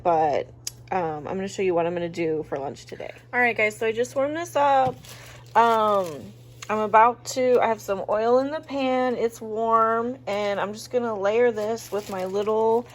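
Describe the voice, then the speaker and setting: Chatty woman cooking at home. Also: medium pitch. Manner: chatty, relaxed, wings it with ums and jokes. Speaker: cooking vlogger. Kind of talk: casual cooking vlog chat. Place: home kitchen.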